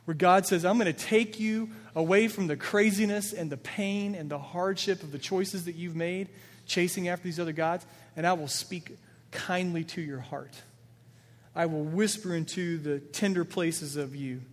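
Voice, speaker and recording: Male pastor, slightly raised pitch, earnest sermon delivery, long hall reverb. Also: moderate pace. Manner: earnest, builds emphasis, quoting scripture with feeling.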